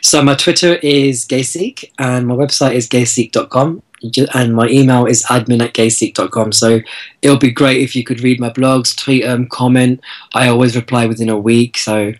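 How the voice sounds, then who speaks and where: A man's voice: mid-range voice, steady tone, moderate pace, rough recording. A man speaking as a guest in a casual interview, earnest and thoughtful, restarting his words now and then. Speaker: guest blogger.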